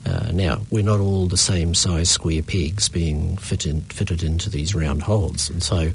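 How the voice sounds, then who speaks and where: A man answering radio interview questions as a party leader, in a measured, halting way full of ums and uhs. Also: sits low, fairly even intonation, gravelly, a little hiss or hum. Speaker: political party leader, guest.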